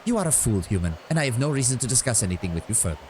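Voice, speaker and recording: A man's voice: mid-range voice, very animated, very fast, a little mellow, slight background noise, natural voice. A man reading out a game's lines as a proud, dignified female elf. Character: proud, calm female elf defending her people.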